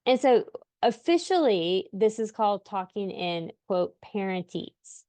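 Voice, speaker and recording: A woman's voice: medium pitch, expressive, unhurried, mellow, no echo. A woman in her thirties, a parent of deaf children, giving parenting tips in a casual, chatty way, full of filler words and frequent laughs. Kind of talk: casual instructional talk to camera.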